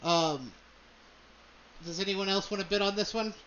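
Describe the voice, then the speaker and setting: A man's voice: sits high, normal speed, a bit bright, dull audio, slight background noise. A man narrating a tabletop game as game master, loose and hesitant, with many fillers.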